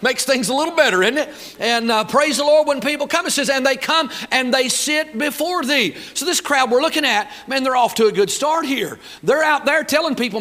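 A man's voice: extremely high pitch, animated, moderate pace, sharp tone. A man preaching a sermon, fired up and folksy, talking back and forth with the crowd. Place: church auditorium.

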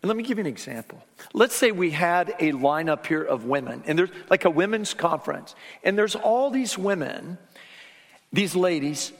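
A man preaching a sermon in a church sanctuary, his fairly high voice rising for emphasis and then dropping to a near hush. A long reverb from the large hall trails behind his words. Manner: dynamic preaching, dropping to soft hushed tones for emphasis. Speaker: pastor.

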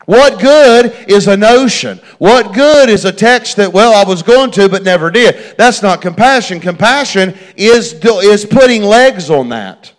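A man's voice: high-pitched, expressive, unhurried, hardly any pauses. A middle-aged man preaching a folksy sermon, repeating phrases and talking straight to his congregation. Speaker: pastor.

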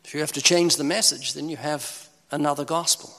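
A man preaches with urgency and pleading force, his loudness swinging sharply between loud and soft. His voice sits high and sounds bright and forceful. A long reverb from a large hall trails each phrase. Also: fairly even intonation, a little fast, vocal fry. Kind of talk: sermon.

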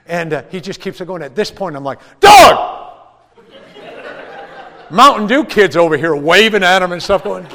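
A middle-aged man preaching a sermon as a pastor, telling animated stories that swing into shouts and laughs. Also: high voice, a little fast, hardly any pauses, a faint crowd. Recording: long church reverb.

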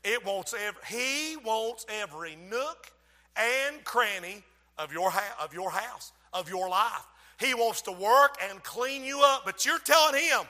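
A man preaching a sermon as pastor of a church, swinging between loud outbursts and hushed asides. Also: high voice, lively intonation, unhurried, big-room sound.

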